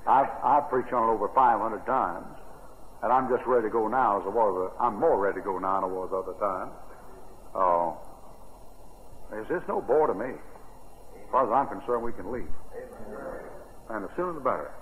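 A man's voice: lowish voice, moderate pace, long pauses, slight background noise. An older American man preaching a sermon on Bible verses in a folksy, rambling way. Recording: tinny old radio broadcast with long reverb.

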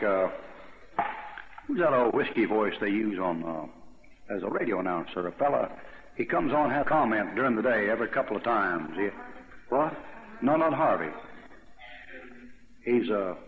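A man's voice: mid-range voice, a little hiss or hum. A man preaching a verse-by-verse Bible sermon in a conversational, rambling way, with asides and questions to his listeners. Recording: dull lo-fi recording in an echoey hall.

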